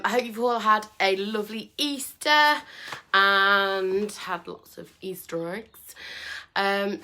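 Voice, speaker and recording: Bright-voiced chatty woman. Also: medium pitch. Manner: chatty and self-deprecating, many ums. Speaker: furniture painter and livestream host. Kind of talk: casual livestream chat. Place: home with doors open.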